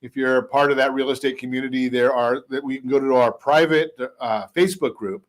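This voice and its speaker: A man hosting a casual radio talk show on homes and mortgages, chatty and a little halting, with dry asides. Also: mid-range voice, fairly even intonation. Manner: chatty, stumbles over words, drops dry jokes. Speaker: radio host and mortgage expert.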